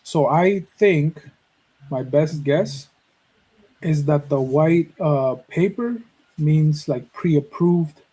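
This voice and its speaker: Husky, profane man telling a story. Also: a little high, very slow, poor audio. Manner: profane, animated, acts out quoted dialogue. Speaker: podcast host. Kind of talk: casual storytelling.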